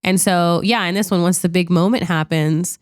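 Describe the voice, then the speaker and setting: Speaking at normal speed in a lower register, this podcast co-host gives a chatty, animated take on a film, full of "like" and occasional cursing. The studio-quality recording has no echo.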